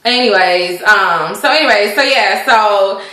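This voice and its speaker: A woman's voice: mid-range voice, measured pace, bright, forceful tone. A woman hosting a casual recap chat about a TV episode, talking with lots of fillers and frequent laughs. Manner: chatty, laughs often, uses many fillers. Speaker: vlog host reviewing a TV episode. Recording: echoey room.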